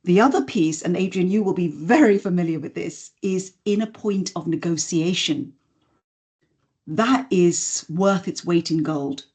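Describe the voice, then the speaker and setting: Mellow-voiced woman voice coach, measured and instructive. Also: lowish voice. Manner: measured, instructive, demonstrates intonation examples. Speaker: voice and communication skills trainer. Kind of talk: podcast interview, explaining and demonstrating.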